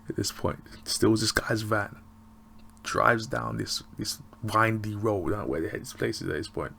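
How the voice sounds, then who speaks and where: A man giving a casual, rambling recap of a TV episode, excitable and often laughing. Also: fairly low pitch, vocal fry, slight background noise. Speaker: TV show reviewer.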